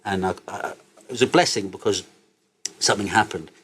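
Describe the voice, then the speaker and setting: A man, an interview guest telling stories in a loose, sweary, animated way and laughing as he goes. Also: on the low side, fairly quick, slight background noise. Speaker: interview guest, cannabis entrepreneur. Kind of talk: casual interview storytelling.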